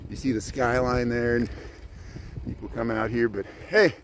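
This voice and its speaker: Pedaling by a city lakefront harbor, a talkative, friendly vlogger gives live tour commentary and points out sights along the way. He speaks at a normal speed in a steady, middle-pitched voice. The bike-mounted camera's audio is poor, with wind and traffic clearly audible.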